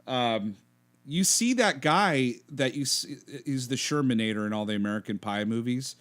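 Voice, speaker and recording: A man's voice: mid-range voice, moderate pace, fairly bright tone. A man co-hosting a podcast in casual chat, laughing often as he retells movie scenes. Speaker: podcast co-host.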